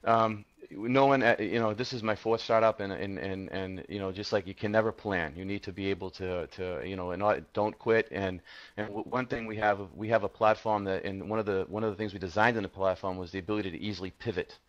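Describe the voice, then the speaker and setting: A man pitching his startup over a video call, talking in halting bursts full of fillers and restarts. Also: steady tone. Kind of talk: answering questions on a video call. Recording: dull lo-fi video call audio.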